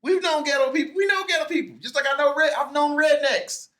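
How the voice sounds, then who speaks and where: A man hosting a casual podcast chat, talking in an animated way, often restarting and repeating his words. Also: very high-pitched, fast. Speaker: podcast host.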